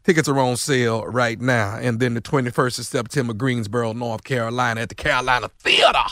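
A man's voice: medium pitch, fairly even intonation, fairly quick, fairly bright tone, dry recording, clean studio sound. A man on a radio show, joking in a mock-preachy way and plugging his shows. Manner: comic, preachy, call-and-response. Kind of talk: casual radio banter, show plugs.

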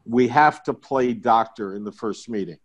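A man's voice: mid-range voice, normal speed, dull audio. A middle-aged man in a podcast conversation, explaining his sales approach with folksy stories and jokes. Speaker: guest, IT sales consultant.

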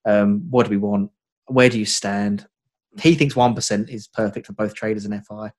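A man's voice: lowish voice, steady tone, moderate pace. A man co-hosting a casual podcast, chatty and wry. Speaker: podcast co-host. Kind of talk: casual chat over a video call.

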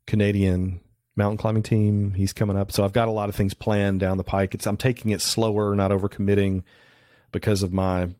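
A man's voice: on the low side, little pitch movement, fairly quick, mellow, no echo. A middle-aged man, a photographer guest, chatting casually and telling anecdotes with plenty of restarts and fillers. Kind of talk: casual interview storytelling.

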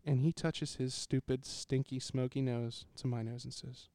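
A man's voice: medium pitch, steady tone, normal speed, warm tone, dry recording. A young man on a podcast telling a story in casual, blunt, profanity-laced chat, right up on the microphone. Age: young adult. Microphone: close studio microphone.

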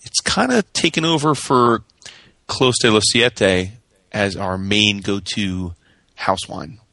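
A man co-hosting a podcast, talking in a measured, earnest way about upcoming releases. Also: on the low side, gravelly, sharp tone, dry recording. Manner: measured, earnest, plugs pre-orders. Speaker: podcast co-host. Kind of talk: casual chat with announcements.

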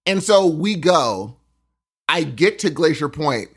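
A man's voice: on the high side, sing-song, takes it slowly, husky. A man co-hosting a podcast, telling a story in casual chat and acting out other people's lines. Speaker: podcast co-host.

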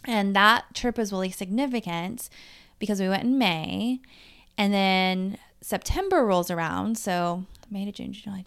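A woman's voice: lowish voice, vocal fry, clean tone. A woman in her forties from the Dallas-Fort Worth area, a life coach talking through her year on her own podcast in a candid, chatty way with casual swearing. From Dallas-Fort Worth, Texas. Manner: chatty, candid, swearing freely, quickening and slowing as she tells a story. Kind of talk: casual solo podcast monologue.

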